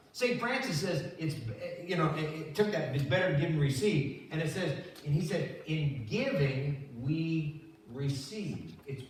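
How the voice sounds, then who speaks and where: A man's voice: a little high, far from the mic, a little hiss or hum. An older male pastor giving a conversational sermon, telling stories and acting out the voices in them. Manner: conversational, animated storytelling with acted-out voices. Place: church sanctuary. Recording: very echoey church recorded from afar.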